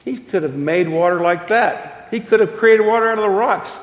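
A pastor in his fifties preaching a sermon, telling stories emphatically with slow, drawn-out pauses. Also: sits high. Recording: echoey church hall.

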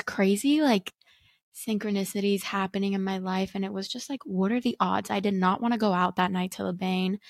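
A young woman, a podcast co-host, rambling excitedly in casual chat with many "like" fillers. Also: mid-range voice, gravelly, no echo, clean studio sound.

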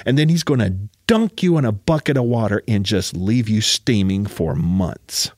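A man's voice: on the low side, lively intonation, moderate pace, few pauses, darkish tone, no echo, clean studio sound. A man preaching a sermon as a personal story, emphatic and often urging his listeners to listen.

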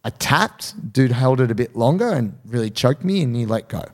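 Animated man telling a gym story. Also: moderate pace. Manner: animated, acts out quotes in high voices. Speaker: podcast co-host. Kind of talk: casual storytelling chat.

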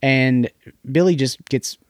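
A man's voice: medium pitch, slow, no echo, clean studio sound. A man co-hosting a podcast, recapping a film in casual chat, repeating words as he goes. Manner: rambling, repeats words, recaps plot scenes. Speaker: podcast co-host.

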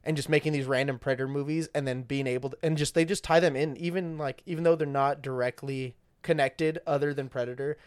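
A man's voice: mid-range voice, fairly even intonation, fast talker, few pauses, smooth, no echo, studio quality. A young man co-hosting a podcast in casual chat, swearing often and filling his talk with "like" and "dude". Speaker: podcast co-host.

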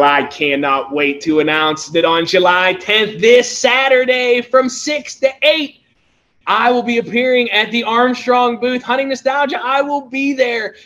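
A man with a high, bright voice chats casually about his show. He tells stories in an excitable, animated way and laughs easily. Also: lo-fi sound. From Pennsylvania, USA. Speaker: toy-hunting show host. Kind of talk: casual chat.

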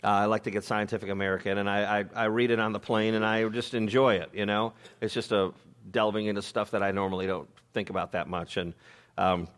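A man's voice: fairly low pitch, flat delivery, brisk, a bit bright, clear, resonant tone. A man preaching a conversational sermon, informal and joking, with frequent fillers and restarts. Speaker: pastor.

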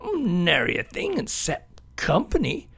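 A man's voice: sits high, wildly swooping pitch, slow, vocal fry, a bit bright, breathy edge, voice pushed up, full character voice. A man voicing a friendly, apologetic male newt in a storybook with a folksy drawl.

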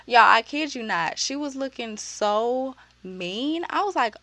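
A young woman telling a story in a casual vlog, animated and sassy, full of slang and profanity, jumping into high voices when she quotes people. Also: a little slow, hardly any pauses, no room sound. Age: young adult. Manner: uses slang and profanity freely.

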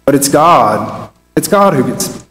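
A man's voice: mid-range voice, very animated, unhurried, a bit bright. Man preaching in a reverberant hall. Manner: conversational, restarts phrases, reads scripture aloud. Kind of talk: Bible study sermon. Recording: roomy with long reverb.

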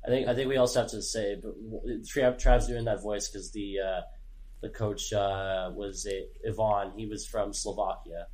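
A man's voice: lowish voice, steady tone, moderate pace, darkish tone. A man co-hosting a podcast who chimes in with short asides and stammers on his starts. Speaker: podcast co-host, former teammate. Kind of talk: casual podcast chat.

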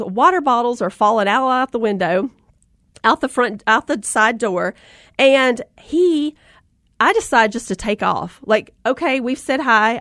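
Lively Southern mom telling a story. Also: female voice, a little high, dry recording, clean studio sound. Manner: animated storyteller, acts out voices, talks to audience directly. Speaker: mom and motivational speaker. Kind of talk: storytelling talk with faith encouragement.

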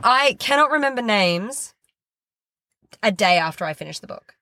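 A woman's voice: medium pitch, expressive, normal speed, bright, forceful tone, dry recording, studio quality. A woman co-hosting a podcast, chatting casually and self-deprecatingly while recapping a book. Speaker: podcast co-host. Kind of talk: casual book-review chat.

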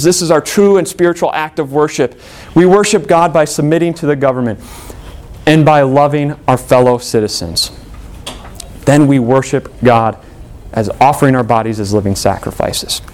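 A man preaching a sermon, earnest, with emphatic rises in pitch and soft, low drops when quoting prayers. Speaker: pastor.

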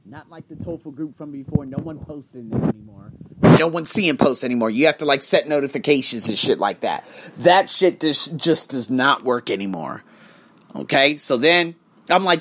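A man's voice: fairly high pitch, animated, moderate pace, a bit bright. A man coaching for English tests, talking in a casual vlog monologue, profane and emphatic as he tells his story.

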